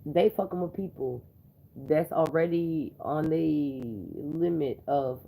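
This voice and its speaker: A woman's voice: sits low, slow pace, vocal fry, warm tone, a little hiss or hum. A woman hosting a livestream, ranting angrily and confrontationally with a lot of swearing. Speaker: livestream host. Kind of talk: angry profane livestream rant.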